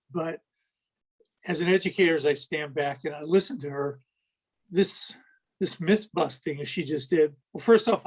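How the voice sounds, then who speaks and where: A man who is an educator speaking on a panel in a slow, earnest, drawn-out way. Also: a little high, slightly rough, rough recording. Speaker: educator guest. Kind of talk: casual panel discussion.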